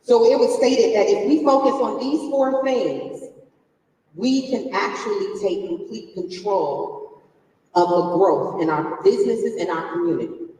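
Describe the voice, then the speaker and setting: Heard from a distance in an echoing conference hall, a woman in her forties speaks at a measured pace in a dark, medium-pitched voice, with slight background noise. Her motivational business talk is conversational, includes questions to the crowd, and features an emotional story from her own life.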